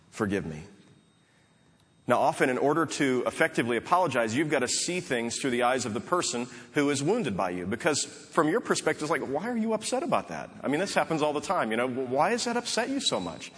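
A man's voice: medium pitch, a bit bright. A man preaching a sermon in a conversational, storytelling way, acting out quoted dialogue. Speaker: pastor. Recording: long hall reverb.

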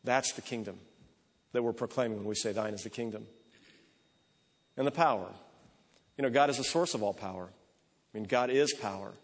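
A man's voice: medium pitch, a little fast, long pauses. A man preaching a sermon, telling a story in a conversational way that strings lines together with repeated ands. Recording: echoey hall.

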